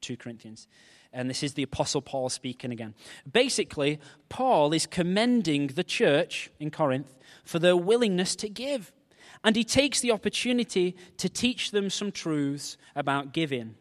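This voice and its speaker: A male pastor, preaching a sermon with animated, jokey storytelling. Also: fairly high pitch, normal speed, big-room sound.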